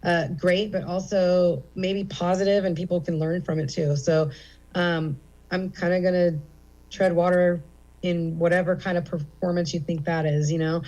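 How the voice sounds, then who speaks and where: A woman's voice: fairly low pitch, little pitch movement, normal speed, darkish tone, muffled recording. A middle-aged woman comedian speaking as an interview guest at a comedy theater, candid and rambling with many fillers. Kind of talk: casual interview chat.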